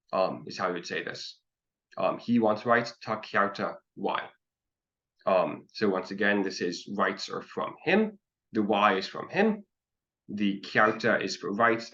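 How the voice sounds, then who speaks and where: A man's voice: on the low side, a bit bright. A man teaching an online language class, explaining patiently step by step with frequent ums. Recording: dull lo-fi call audio.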